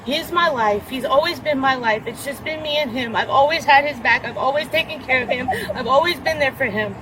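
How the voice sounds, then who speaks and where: A woman outdoors giving an agitated, repetitive, profane account of a domestic dispute to a deputy. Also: high voice. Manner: agitated, repetitive, profane, rushing over interruptions. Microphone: officer's body camera. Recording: body camera audio with outdoor noise.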